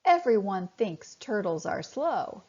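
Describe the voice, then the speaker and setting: A woman softly and expressively reading a bedtime story to children. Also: medium pitch, big pitch swings, slow pace, husky. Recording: dull lo-fi recording.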